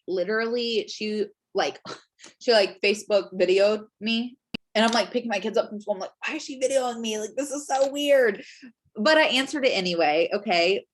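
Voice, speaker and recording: A young woman talking straight to her camera at home in a relaxed, chatty way. She leans on fillers and keeps checking in with "right?" and "okay?". Her voice sits at an ordinary middle pitch. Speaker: Scentsy consultant giving business tips. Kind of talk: casual chat to camera.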